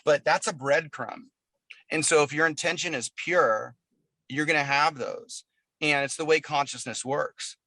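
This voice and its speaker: A man's voice: on the high side, unhurried, sharp tone, no room sound. A man being interviewed over a video call, chatting casually as a musician guest, telling long stories in a loose, profane way. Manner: profane, rambling storyteller.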